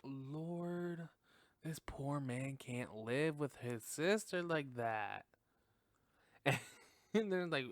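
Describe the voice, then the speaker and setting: A man's voice: medium pitch, lively intonation, no echo, clean studio sound. A young man hosting a podcast, recapping a film in casual chat, laughing often, swearing and acting out the characters' lines. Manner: slow, drawn-out delivery with lots of "like". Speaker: podcast host.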